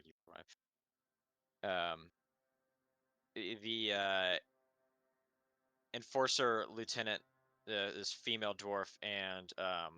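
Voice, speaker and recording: A man running a tabletop game as dungeon master, narrating casually with many pauses and fillers. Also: on the low side, fairly even intonation, pushed and bright, clean tone, no echo, faint music behind.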